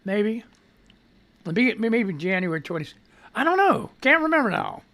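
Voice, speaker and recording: A man hosting a casual live radio show, rambling loudly and swearing freely from a home studio. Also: sits high, big pitch swings, measured pace. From United States.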